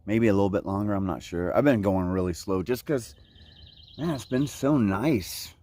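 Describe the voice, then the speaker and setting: A thru-hiker vlogger in his forties from Central Florida chats casually on an outdoor hiking trail, his voice on the low side, mellow and at normal speed. His laid-back surfer talk is full of "like, you know, man."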